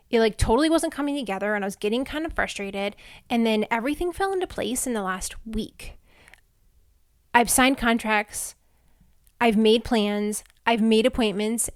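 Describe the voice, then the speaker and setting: A woman in her thirties from Houston, Texas hosts a casual solo podcast, chatty and heartfelt and full of "like" fillers. Her voice is fairly high. The studio sound is clean, with no room sound at all.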